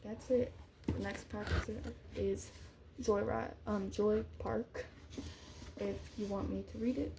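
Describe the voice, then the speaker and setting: A woman's voice: mid-range voice, steady tone, takes it slowly, gravelly, noisy background. A woman casually reading a book aloud, with offhand, chatty asides. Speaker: book reader.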